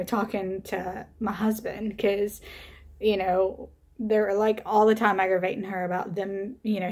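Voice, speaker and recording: Chatty young woman telling a story. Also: medium pitch. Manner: chatty, many fillers, animated retelling. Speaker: vlogger. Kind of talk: casual storytelling to camera.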